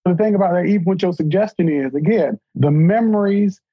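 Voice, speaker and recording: A man in casual chat, telling family stories in an earnest, reflective way, with a husky voice. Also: sits high, fairly quick, no echo. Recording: dull, dry recording.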